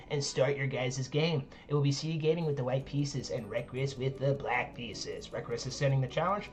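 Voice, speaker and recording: A man's voice: mid-range voice, a little mellow. Rambling man hosting a chess stream. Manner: rambling, heavy use of "like" fillers; joking, self-deprecating. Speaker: chess tournament streamer and host. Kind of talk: casual live-stream chat.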